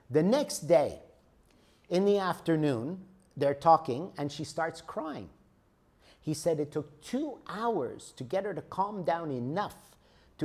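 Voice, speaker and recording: A man's voice: on the high side, darkish tone. A man lecturing a group on emotions, explaining with everyday examples and often checking in with "okay?". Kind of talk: spiritual teaching lecture.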